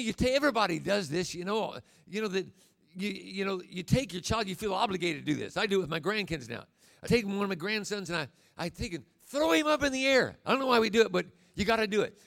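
A man in his sixties preaching a sermon, folksy and emphatic, with sudden loud bursts. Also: high-pitched, gravelly. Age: 60s.

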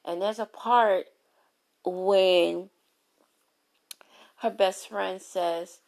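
A woman giving a candid motivational talk on relationships, telling stories with lively, playful asides. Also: mid-range voice, drawn-out words, gravelly, long pauses. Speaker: relationship speaker.

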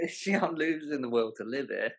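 A man's voice: mid-range voice, expressive, normal speed, vocal fry, husky. A man with a London accent, guest judging in a casual chat, with dry and wry understatement. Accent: London English. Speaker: guest judge.

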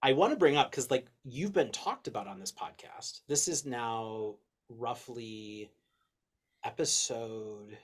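A man hosting a casual podcast chat, excitable, swearing freely and reading out long lists. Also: medium pitch, slow pace, slightly rough. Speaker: podcast host.

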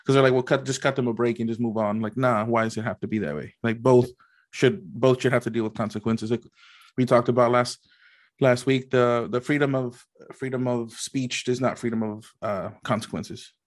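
Male co-host, middle pitch, casual and filler-heavy, animated when retelling. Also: normal speed. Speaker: podcast co-host. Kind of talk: casual chat.

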